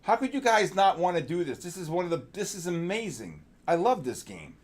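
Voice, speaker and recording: A man's voice: high-pitched, big pitch swings, fairly quick. Hyped man hosting a live trading stream. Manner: hyped, talks to chat viewers by name. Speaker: trading show host.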